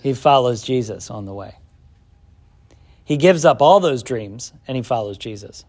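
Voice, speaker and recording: Here the teacher's voice sits at medium pitch and moves at an ordinary speed. He runs a laid-back Bible lesson, tossing out questions he then answers himself, and brings the story alive with acted-out moments.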